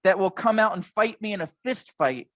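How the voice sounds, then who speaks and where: A man's voice: sits high, animated, normal speed, fairly bright tone, dry recording. A lecturer reading out the threats of a brutal male ship captain, with little change from their own speaking voice, in a dry, close sound. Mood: menacing.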